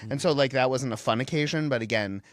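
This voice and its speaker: A man telling stories as a podcast guest in a studio, animated and theatrical. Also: mid-range voice, quick pace, dry recording. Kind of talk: casual interview chat.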